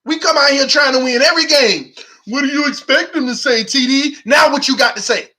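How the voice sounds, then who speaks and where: High bright-voiced excitable male fan host. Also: a little fast. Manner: emphatic, shouts and preaches at viewers; drawling, says "man" and "y'all" constantly. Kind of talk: excitable fan livestream chat.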